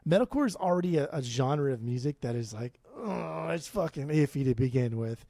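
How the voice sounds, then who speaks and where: A man's voice: mid-range voice, lively intonation, brisk, warm tone, dry recording, clean studio sound. A man in his forties from Southern California, co-hosting a podcast with blunt, profane opinions. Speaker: podcast co-host. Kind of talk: casual podcast chat.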